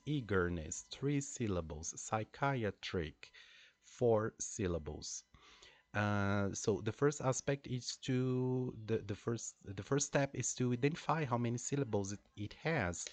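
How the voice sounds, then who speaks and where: A man who speaks English as a second language teaches pronunciation in a low voice. He goes slowly and deliberately and repeats each word so listeners can drill it. The sound is dry and close. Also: dry recording. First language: not English. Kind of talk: pronunciation lesson.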